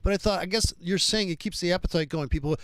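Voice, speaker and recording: A man's voice: sits high, fast talker, dry recording. A man in casual chat, rambling and profane with frequent stumbling restarts.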